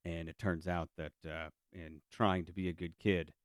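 A man with a very low voice tells a personal story in a loose, comic way, full of fillers and self-corrections. He speaks close to the mic with no room sound. He breaks into the voices of the people in his story now and then. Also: level tone, normal speed, no echo. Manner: rambling, many fillers and restarts; acts out family voices in quotes.

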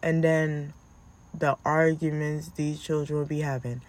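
Woman, mother of two, slow and unhurried vlog storyteller with a lilt, lower voice. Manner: animated, acts out her own yelling in a high voice.

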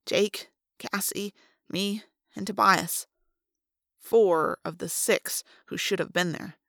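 A woman's voice: medium pitch, fairly even intonation, slow pace, creaky, a bit bright, no room sound, studio quality. Woman reading a first-person novel. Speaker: audiobook reader.

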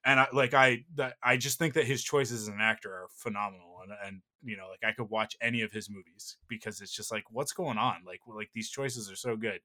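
A man's voice: on the low side, fairly even intonation, fairly quick, few pauses, sharp tone. A man in his thirties co-hosting a casual podcast chat, gushing and rambling with playful exaggeration. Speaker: podcast co-host.

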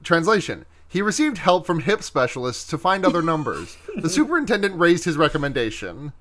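A man's voice: fairly high pitch, sing-song, a little fast, a bit bright. A man co-hosting a casual podcast chat, laughing as he retells a film scene. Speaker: podcast co-host.

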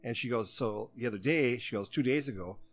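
A man's voice: medium pitch, a little fast, fairly bright tone. Rambling man telling a story. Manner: rambling, repeats "she goes" while quoting others. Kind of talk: casual chat, telling a long story.

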